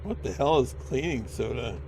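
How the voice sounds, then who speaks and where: A man's voice: mid-range voice, expressive, moderate pace, gravelly, dark tone, slight background noise. A man streaming a point-and-click game, reading its lines aloud in a playful way. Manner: playful, voices each character. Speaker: let's play streamer. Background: game music.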